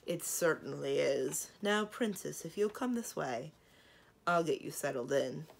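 A composed female dragon gives orders in a measured, matter-of-fact way, voiced by a woman reading a storybook. The voice sits low and sounds husky. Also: expressive, full character voice. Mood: calm. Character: calm, commanding female dragon, dry humor.

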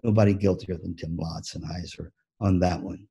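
A man giving a motivational keynote talk on music teaching, an animated storyteller who acts out the story. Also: low voice, moderate pace, breathy edge, highs cut off. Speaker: music education speaker.

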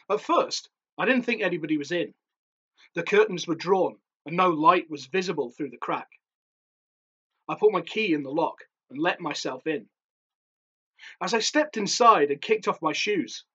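Man reading a horror tale, husky, dull muffled sound, measured and theatrical. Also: fairly high pitch, bright, forceful tone. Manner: measured, darkly theatrical storytelling. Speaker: author reading his story. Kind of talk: dramatic horror story reading.

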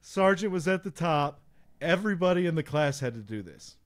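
A man co-hosting a podcast, telling a casual, animated story with laughs. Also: a little high, moderate pace. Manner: animated, laughing anecdote teller. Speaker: podcast co-host.

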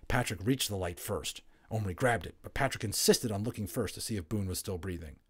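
A man narrating a children's novel aloud, expressive and building tension, dropping to hushed tones in quiet moments. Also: fairly low pitch, a little fast, breathy edge. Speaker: audiobook narrator. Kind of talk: storybook read-aloud narration.

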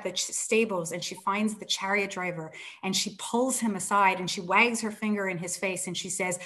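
An author, a woman, retelling an old tale with animated storytelling and acted-out quotes. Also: mid-range voice, normal speed. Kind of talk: book talk, retelling a story.

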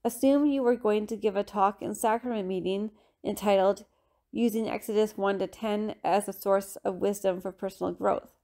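Woman reading scripture study, gravelly and dark. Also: medium pitch. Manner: steady measured reading.

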